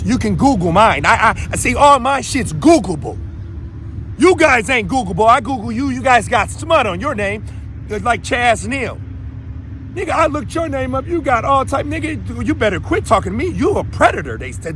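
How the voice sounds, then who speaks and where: A brash, confrontational man in his thirties from Minneapolis hosts his own show in an unscripted monologue. His voice sits high for a man, and he stammers and restarts as he pushes his points. Faint background noise sits under the voice. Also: fairly bright tone. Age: 30s. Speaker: show host.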